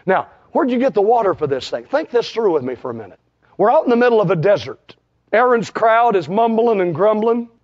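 A male preacher delivering a sermon, quoting scripture and swinging between shouted peaks and low, hushed asides. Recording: dull lo-fi sound.

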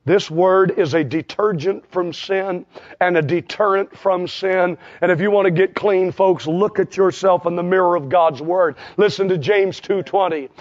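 A male preacher delivering a sermon, quoting scripture and swinging between shouted peaks and low, hushed asides. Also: moderate pace. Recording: dull lo-fi sound.

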